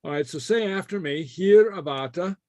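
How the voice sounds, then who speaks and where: A man leads a relaxed class, stopping often on "uh" and chuckling between his points. His voice sits in a middle range and sounds dry and close to the mic, with no room around it. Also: medium pitch, normal speed, no room sound. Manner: hesitant, many fillers and chuckles. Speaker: Gaelic teacher. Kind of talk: casual online class.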